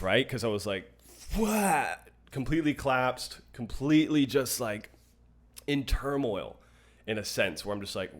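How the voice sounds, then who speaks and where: A young man co-hosting a podcast, telling an emotional personal story in an earnest, open way with frequent restarts. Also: fairly low pitch. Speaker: podcast co-host. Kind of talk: casual podcast conversation.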